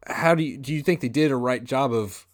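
A man's voice: medium pitch, brisk. Loose, questioning man in movie chat. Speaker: podcast co-host. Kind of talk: casual movie discussion.

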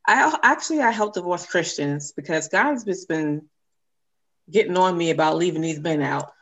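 A woman who works as a forgiveness coach, speaking as a podcast guest. Her voice is very low for a woman, and she talks in an earnest, encouraging way, slowing down to spell things out. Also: expressive, a bit bright, highs cut off.

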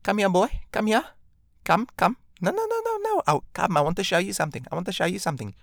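A man imitating his strict immigrant mother with a South African accent, scolding in a raised, higher voice. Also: big pitch swings, fast, creaky, fairly bright tone, no room sound, clean studio sound, exaggerated voice. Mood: menacing coaxing. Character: angry strict middle-aged immigrant mother.

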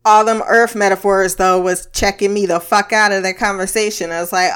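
A woman's voice: medium pitch, fairly even intonation, brisk, few pauses, fairly bright tone, clear, resonant tone. A woman giving a casual, blunt recap of a TV episode, swearing freely and laughing often between remarks. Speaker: TV episode reviewer.

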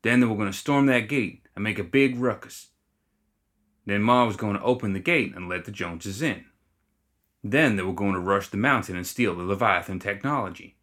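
A man reading fantasy fiction aloud as narrator, in a wry, even storytelling manner. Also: lowish voice, moderate pace. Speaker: audiobook reader.

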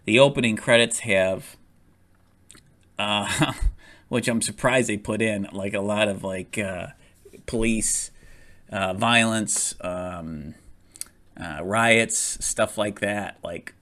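A man's voice: lowish voice, slow pace, long pauses, fairly bright tone. A man casually reviewing a movie, rambling with lots of fillers, restarts and frequent laughs.

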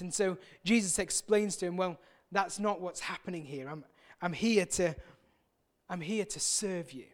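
A man, a pastor preaching a sermon in an earnest way, who slows and softens his voice for emphasis. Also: sits high. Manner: acts out quoted voices with sudden loud bursts.

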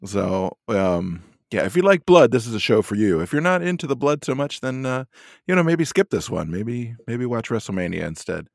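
A man's voice: mid-range voice, very animated, moderate pace, vocal fry, no room sound, studio quality. A man co-hosting a casual podcast chat, rambling and joking with lots of hedges. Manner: rambling, hedging, jokey. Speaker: podcast co-host.

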